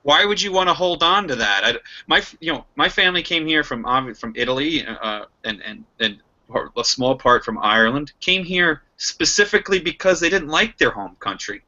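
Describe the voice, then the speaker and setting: A young man argues with heat and restless energy, his voice sharp and ringing. He stumbles and restarts as he pushes his point. The sound is dull and muffled. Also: fairly high pitch, moderate pace. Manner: animated, heated, many restarts. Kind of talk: casual political discussion. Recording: muffled lo-fi recording.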